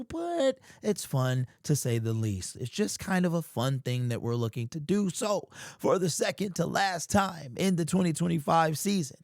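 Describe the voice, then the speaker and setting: A man hosting a sports fan vlog, talking in casual, animated commentary with slangy, emphatic exclamations. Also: fairly high pitch, gravelly, dry recording, studio quality. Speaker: sports fan channel host.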